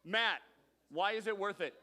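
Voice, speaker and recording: Leading a youth group game in a large hall with an audience, this youth pastor speaks in a high, bright, forceful voice at an unhurried pace. He's upbeat, naming teens as he calls on them and teasing them in fun, while a long reverb rings through the room.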